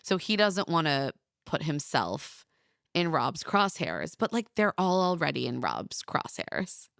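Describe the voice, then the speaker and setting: A woman's voice: sits low, sing-song, a little slow, creaky, a bit bright, no echo, studio quality. A woman co-hosting a podcast, recapping a reality show in emphatic, exasperated casual chat. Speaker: podcast co-host.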